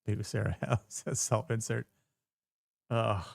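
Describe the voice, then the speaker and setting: A man's voice: on the low side, fairly even intonation, slow, vocal fry, dry recording, clean studio sound. A man giving casual reaction commentary on a TV episode, blunt, profane and joking. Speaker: show reviewer.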